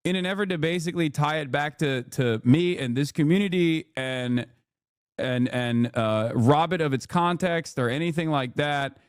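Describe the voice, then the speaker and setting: A man's voice: fairly high pitch, dry recording, studio quality. A male streamer ranting at his chat, heated and profane, often restarting his sentences. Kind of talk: livestream rant to chat.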